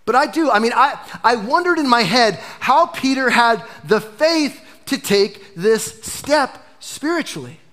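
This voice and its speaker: Animated male pastor preaching a sermon. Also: extremely high pitch, a little slow, hardly any pauses. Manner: animated preaching, dropping to a hush for emphasis.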